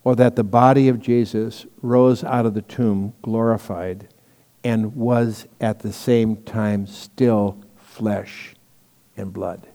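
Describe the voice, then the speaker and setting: A man's voice: on the low side, fairly even intonation, slow pace, mellow, long reverb tail. A man preaching a sermon as pastor, teaching in a conversational way with stories and asides.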